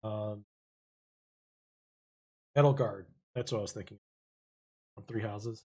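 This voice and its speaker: A man's voice: fairly low pitch, steady tone, slow pace, a little mellow, husky. A man streaming a game, chatting casually with many fillers and restarts. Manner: rambling, hesitant, many fillers. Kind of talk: casual live-stream chat. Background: game music.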